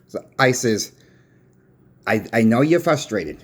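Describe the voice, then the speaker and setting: In a slow, expressive, slightly rough medium-pitched voice, a coin shop owner tells a folksy vlog story about arguing with a customer. He keeps repeating "I said" and "I says" as he retells the dispute.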